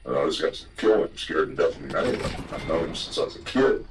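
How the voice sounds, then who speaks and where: Older guy, very low voice, profane rambling yarn-spinner, faint noise behind. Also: expressive, quick pace. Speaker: guest telling old stories. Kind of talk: casual storytelling.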